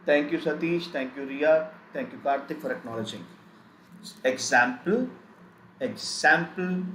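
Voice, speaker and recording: A man teaching a live online German pronunciation lesson, spelling out letters and repeating sounds in slow drills. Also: a little high, pushed and bright. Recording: echoey room with faint background noise.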